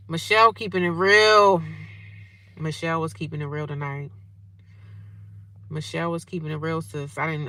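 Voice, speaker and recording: Woman vlogger, playful and teasing, bright tone. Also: on the low side. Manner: sassy, playful, calls viewers girl and sis. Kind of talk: casual livestream chat with commenters. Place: homeless shelter.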